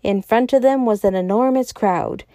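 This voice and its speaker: A woman podcast storyteller reading a classic novel aloud in a calm, even voice. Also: a little high, normal speed, dry recording. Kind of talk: scripted narration of a classic novel.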